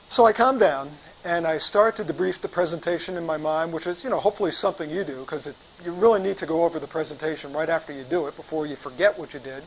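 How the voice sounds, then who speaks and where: A man teaching sales, telling an animated story as a lesson. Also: a little high, a little fast, slight background noise, rough recording. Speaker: sales trainer.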